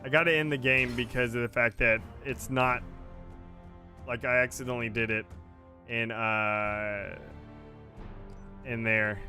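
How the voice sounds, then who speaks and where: With faint game music in the background, a man streams a game and talks casually to his audience, rambling and using plenty of fillers. His mid-range voice is bright and forceful, with fairly even intonation, a slightly slow pace and frequent pauses.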